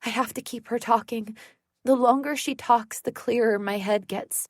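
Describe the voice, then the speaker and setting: A woman narrating a thriller audiobook in the first person, measured and tense. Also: on the high side, steady tone, no echo, studio quality.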